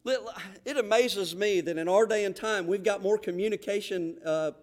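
A man's voice: high voice, normal speed. A man with a Southern accent from the Florida panhandle, preaching a fervent sermon as a pastor, with many restarts and rising exhortations.

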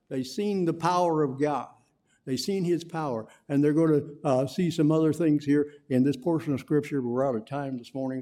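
Halting, mellow-voiced man teaching Scripture. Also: on the high side. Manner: halting, many "uh" fillers, slow emphatic scripture reading. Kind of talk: Bible lesson and prayer.

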